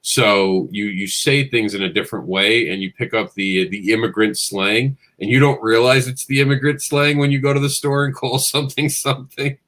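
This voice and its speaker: A man's voice: medium pitch, steady tone, normal speed, few pauses, a bit bright. A middle-aged man from Queens, New York, a comics guest telling friendly, self-deprecating stories in a casual chat. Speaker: guest comics writer and publisher.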